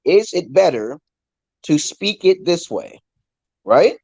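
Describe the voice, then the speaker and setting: A man's voice: sits high, sing-song, slow pace, darkish tone, husky. A man from New York with a New York accent, teaching English over a casual live stream, explaining with patient repetition. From Brooklyn, New York, USA.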